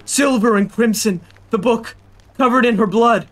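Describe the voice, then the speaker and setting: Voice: medium pitch, normal speed, a bit bright, pitched above the performer's own voice, lightly acted. A streamer voicing a haunted old former mayor. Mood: pleading. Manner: anguished, pleading, rambling. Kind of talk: reading game dialogue aloud.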